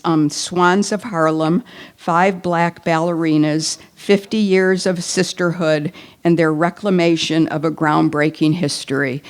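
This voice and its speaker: Slow, gravelly-voiced older woman. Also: lowish voice. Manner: chatty, enthusiastic, many fillers and restarts. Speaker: book recommendation speaker. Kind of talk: live talk recommending books. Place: event hall at a breakfast gathering.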